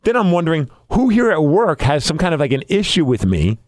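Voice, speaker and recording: A young man co-hosting a podcast, telling stories in a blunt, exasperated, animated way. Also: a little high, brisk, no echo. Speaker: podcast co-host. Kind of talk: casual studio chat. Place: radio station studio.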